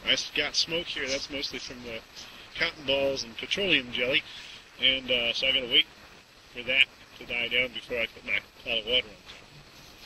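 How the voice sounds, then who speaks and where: A man's voice: medium pitch, fairly even intonation, normal speed. A man casually demonstrating a camp stove outdoors, rambling with lots of fillers. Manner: folksy, rambling, with many fillers. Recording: distant outdoor mic with background noise.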